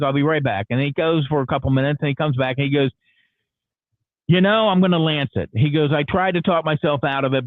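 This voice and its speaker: A man's voice: a little high, no room sound. Radio guy phoning in, rambly candid storytelling, thin phone sound. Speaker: radio host. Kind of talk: casual morning show chat. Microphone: phone call. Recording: tinny phone line.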